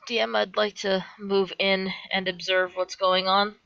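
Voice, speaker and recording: A woman's voice: medium pitch, flat delivery, a little slow, vocal fry, fairly bright tone, dry recording, dull audio. A woman playing a tabletop game, stating her character's actions plainly and decisively. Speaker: player. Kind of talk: casual tabletop play.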